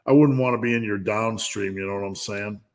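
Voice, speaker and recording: A man's voice: fairly low pitch, fairly quick. A middle-aged man hosting a live stream, reading viewers' questions and answering with blunt, joking lifting advice. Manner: blunt, joking, coach-like advice with frequent restarts. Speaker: strength coach hosting a live Q&A.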